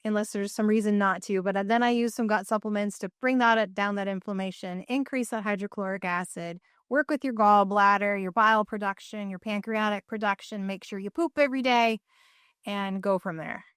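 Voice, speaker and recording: A middle-aged woman, a nutrition practitioner, speaking as a guest in a podcast interview, explaining eagerly in quick lists. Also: mid-range voice, fairly even intonation, a bit bright, smooth, no room sound, clean studio sound.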